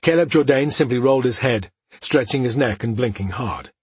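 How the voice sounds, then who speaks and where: A man reading fantasy narration for an audiobook, in an even, steady way. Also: mid-range voice, moderate pace, slightly rough, no echo.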